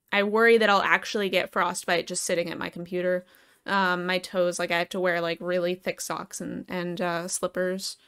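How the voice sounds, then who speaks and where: A woman's voice: mid-range voice, fairly bright tone, clear, resonant tone. Chatty woman streaming a game. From New England. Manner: chatty, laughs often, talks to chat. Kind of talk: live gameplay commentary.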